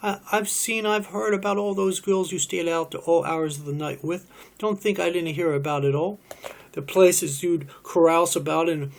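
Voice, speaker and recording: A man's voice: on the high side, steady tone, normal speed, creaky. A man voicing a hurt young wife who pleads and questions her husband, in a cold-read drama.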